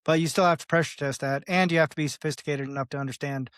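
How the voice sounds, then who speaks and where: A guest on a podcast, a man with a somewhat high voice who talks at length in a loose, animated way. He acts out little dialogues, laughs often and swears freely. The recording is close and dry, with no room echo. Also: very fast, smooth. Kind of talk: casual interview talk.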